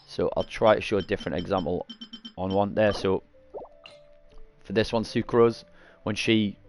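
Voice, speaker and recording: Soft background music plays behind a man whose voice sits on the low side, with fairly even intonation at normal speed. A gaming streamer giving a casual tutorial, he rambles and corrects himself while garlic keeps him coughing and clearing his throat.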